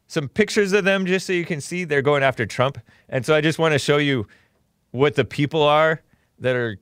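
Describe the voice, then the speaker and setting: A man's voice: mid-range voice, fairly bright tone, no room sound, clean studio sound. A man hosting a political call-in talk show, blunt and opinionated, rambling with sarcastic asides.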